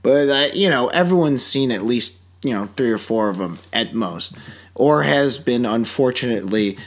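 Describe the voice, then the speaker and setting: A man's voice: mid-range voice, animated, moderate pace. A man co-hosting a podcast, reviewing a movie in casual chat, sarcastic and swearing as he acts out mocking quotes. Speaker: podcast co-host.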